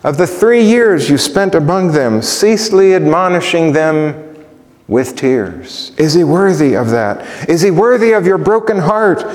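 A man preaching in a church sanctuary, his voice pitched a little high and trailing into a long hall reverb. He presses one rhetorical question after another. His delivery climbs to ringing emphasis, then sinks to near-hushed softness. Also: lively intonation, unhurried. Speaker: pastor. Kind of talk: sermon.

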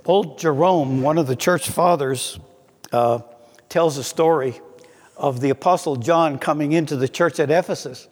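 A man preaching a sermon in an earnest way, slowing down to read scripture aloud. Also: a little high, husky, long reverb tail.

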